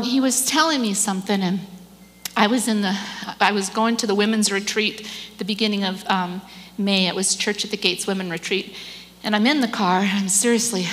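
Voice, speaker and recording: A woman giving an earnest, emotional personal testimony at church, now and then dropping to a soft whisper. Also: medium pitch. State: tearful at times. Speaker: church speaker. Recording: long hall reverb.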